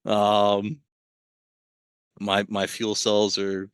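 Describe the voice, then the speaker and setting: Rambling, laughing man with a low voice. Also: completely flat delivery, extremely slow, fairly bright tone, clear, resonant tone, dry recording. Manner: rambling, self-interrupting, laughs often. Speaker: podcast guest. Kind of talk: casual chat.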